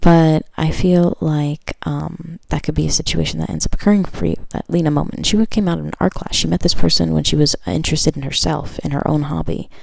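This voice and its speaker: A woman's voice: deep voice, steady tone, brisk, gravelly, hardly any pauses, a little mellow, no echo, low-quality recording. A woman doing a casual pick-a-card tarot reading, reading card text aloud and chatting about it in a loose, filler-heavy way. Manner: chatty, lots of fillers, reads cards aloud then riffs.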